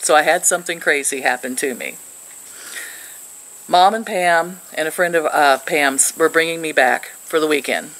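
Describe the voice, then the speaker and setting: A woman's voice: deep voice, normal speed, fairly bright tone, low-quality recording. An older woman from Missouri, sitting outdoors and chatting to camera as she tells a rambling story with frequent laughs. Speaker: vlogger.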